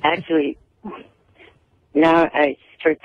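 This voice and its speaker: A man calling into a radio show, talking in a halting, earnest way and repeating his words. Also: fairly high pitch, little pitch movement, a little hiss or hum. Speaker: regular phone caller. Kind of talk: casual call-in chat. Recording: tinny phone line.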